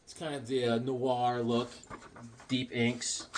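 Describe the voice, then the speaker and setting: There's slight background noise as a man with a medium-pitched voice slowly shares a casual childhood story and shows off his comics. He livens it up by acting out yelps and other voices as he goes.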